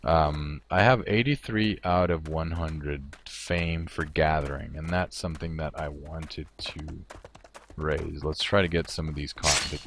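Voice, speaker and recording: Very deep-voiced man streaming a game. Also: fairly even intonation, measured pace, noisy background. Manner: rambling, self-amused, thinks aloud. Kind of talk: casual gameplay commentary.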